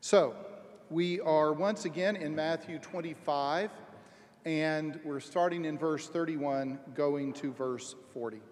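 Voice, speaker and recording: A pastor delivering a sermon, reading scripture and telling stories in a measured, deliberate way. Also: male voice, on the high side, darkish tone, in a large hall. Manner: measured, storytelling delivery with slow deliberate phrasing.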